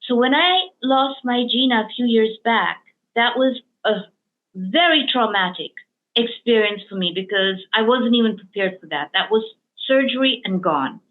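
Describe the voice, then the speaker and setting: Female host, higher register, heartfelt chatty storyteller, phone-quality audio. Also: lively intonation, moderate pace. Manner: storytelling, emotional, many fillers and restarts. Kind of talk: casual interview chat. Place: lives in Hong Kong. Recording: tinny phone-like line.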